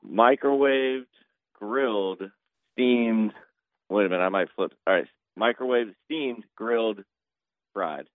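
A man co-hosts a podcast and rambles in a laid-back way, restarting his sentences. His voice is lowish. The sound is thin and phone-like, dry and close. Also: slow, no room sound. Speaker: podcast co-host. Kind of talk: casual chat. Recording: tinny phone-like line.

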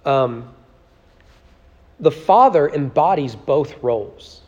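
A man's voice: fairly high pitch, animated, takes it slowly, a little mellow, in a large hall, muffled recording. A man teaching a church Bible study in a conversational way, often asking "right?" and reading scripture aloud with emphasis. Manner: conversational, repeats words and tags lines with "right?".

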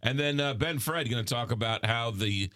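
A man's voice: mid-range voice, pushed and bright, smooth, no room sound, clean studio sound. A man with a New York accent hosting a morning radio show, chatting casually with frequent ums and uhs. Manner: halting, lots of ums and uhs. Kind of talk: casual on-air chat.

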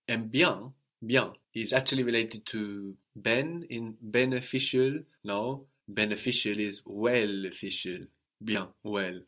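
Patient male language teacher, lowish voice. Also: a bit bright. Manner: patient, explanatory, prompts the student with questions. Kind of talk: interactive language lesson.

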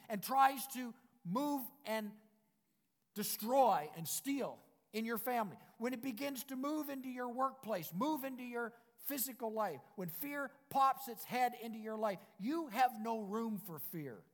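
Man, pastor, preaching a sermon, emphatic and repetitive, high voice, echoing church hall. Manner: emphatic, repetitive declarations, rising to loud preaching. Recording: long reverb of a church hall.

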